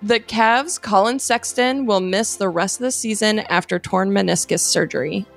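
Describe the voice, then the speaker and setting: A woman co-hosting a sports podcast, reading out headlines in a dry, matter-of-fact way. Her pitch sits in an ordinary middle range, with faint music under the track. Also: moderate pace, vocal fry. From Chicago area. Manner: reads news items dryly, laughs between them. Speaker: podcast co-host.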